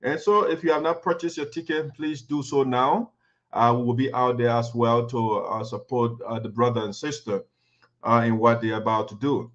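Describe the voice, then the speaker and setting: A man's voice: medium pitch, fairly even intonation, moderate pace, a bit bright. A man hosting a live online talk show, speaking in a chatty, informal way with many fillers. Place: home studio, USA. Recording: muffled lo-fi stream audio.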